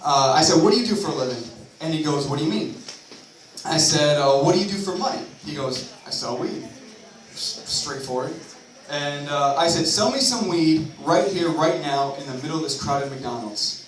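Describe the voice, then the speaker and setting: A man's voice: a little high, expressive, moderate pace. A young man performing a rambling, profane stand-up set at a bar open mic, full of self-mocking asides. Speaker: stand-up comedian. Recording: echoey bar from a far camera.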